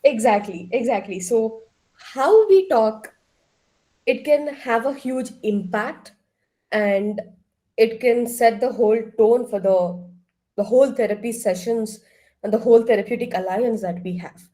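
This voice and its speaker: A woman leading an online counseling workshop, asking the group questions and now and then clearing her throat. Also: on the high side, unhurried, warm tone. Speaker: workshop trainer. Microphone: laptop far across the room.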